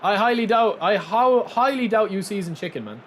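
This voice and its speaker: A man's voice: high voice, expressive, normal speed, a bit bright, slight background noise. A young man streaming a football game live, chatting and commentating in a repetitive, teasing way, tagging "man" onto his lines. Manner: teasing, laughs easily.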